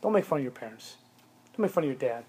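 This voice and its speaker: A man's voice: medium pitch, very animated, fast talker, dark tone, breathy edge. A man in his thirties preaching to teenagers, emphatic and repetitive, hammering home each point. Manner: emphatic, repeats commands for stress. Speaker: youth pastor. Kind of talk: sermon.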